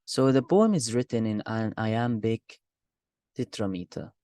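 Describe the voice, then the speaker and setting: A man's voice: fairly low pitch, expressive, a little slow, mellow, no room sound. A young man giving a class presentation, reading a poem and explaining its meter with some hesitant fillers and repeated words. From Gaza. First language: Arabic. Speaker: university student presenting.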